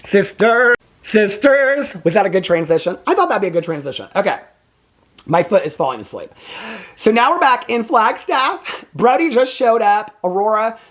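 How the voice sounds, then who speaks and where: A man's voice: high-pitched, expressive, fairly quick. Male reaction vlogger, casual, rambling, sassy and profane. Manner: chatty, rambling, sassy, swears freely.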